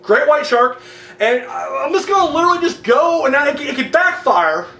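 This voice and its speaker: A man ranting casually to camera, animated and profane and jokey, with quick acted-out asides. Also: very high voice, gravelly, echoey room, distant mic. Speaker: video blogger.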